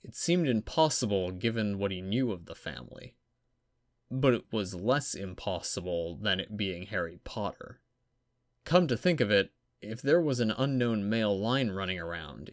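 A man with a lowish voice reading a story aloud at a steady, even pace. The sound is close and completely dry, with no room echo. It sounds like an audiobook narration. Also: moderate pace.

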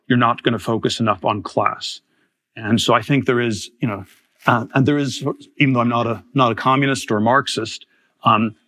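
A man in his fifties giving a public lecture, talking haltingly with many restarts and repeated words. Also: mid-range voice, fairly bright tone. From Germany. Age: 50s. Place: lecture hall.

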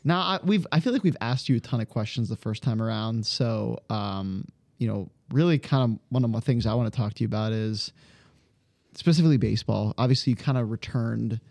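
Man, podcast host, mellow warm tone, joking, halting restarts, dry sound. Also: mid-range voice, gravelly, no room sound. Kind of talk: casual podcast hosting.

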